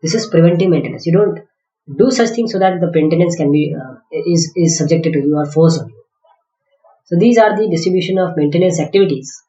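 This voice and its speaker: Male lecturer, mellow halting delivery, dull echoey classroom recording. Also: fairly high pitch. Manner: halting, with many fillers and restarts. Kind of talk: slide-based lecture.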